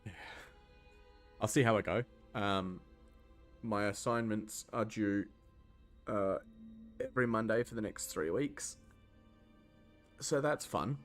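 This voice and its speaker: Young scottish-born guy, deepish voice, rambly casual game chat w/ lots of ums. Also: takes it slowly, pauses often, faint music behind. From Scotland. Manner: rambling and loose, many ums and restarts. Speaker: gaming video host. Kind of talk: casual gameplay commentary answering chat.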